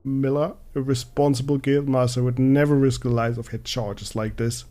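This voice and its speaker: A man's voice: mid-range voice, little pitch movement, moderate pace, mellow, lightly acted. A man voicing an earnest, protective banished male warrior in a fantasy game, reading the lines plainly.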